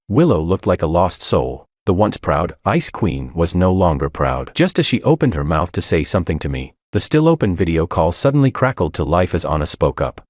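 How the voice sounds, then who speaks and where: A man's voice: sits low, big pitch swings, moderate pace, few pauses, darkish tone, no room sound, studio quality. A man narrating a first-person story in a cold, mocking, unmoved manner.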